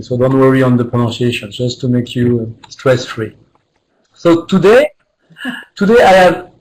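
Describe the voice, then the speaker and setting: A man with a French accent giving a webinar presentation, talking haltingly with many fillers and restarts. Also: mid-range voice, a little mellow, slight background noise, rough recording. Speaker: guest presenter.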